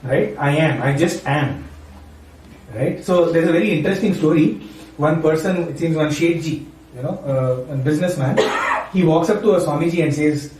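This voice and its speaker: A man's voice: fairly high pitch, moderate pace, darkish tone, a little hiss or hum. A man from Maharashtra gives an informal devotional talk, often checking in with "right?" and "you know". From Maharashtra, India. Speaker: spiritual speaker and university teacher. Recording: echoey room, voice from far off.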